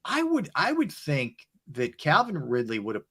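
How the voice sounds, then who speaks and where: A man hosting a casual sports talk show, lively as he moves the panel from one topic to the next. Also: a little high, normal speed, slightly rough.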